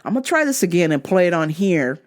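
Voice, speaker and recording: A woman hosting her own show, talking in a loose, animated monologue and swearing freely, with laughs between remarks. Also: fairly low pitch, quick pace. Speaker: podcast host and DJ. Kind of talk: casual monologue.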